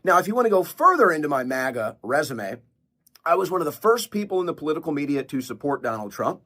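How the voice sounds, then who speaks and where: A man from political media speaking in a played clip, quickly listing his own record of support. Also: a little high, very animated, fairly bright tone. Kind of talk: defensive self-advocacy in a played clip.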